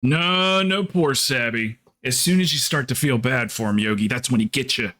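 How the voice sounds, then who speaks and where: A man's voice: mid-range voice, normal speed, sharp tone. A man streaming a game, chatting casually with viewers in a rambling, joking way and swearing freely. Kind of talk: casual live-stream chat.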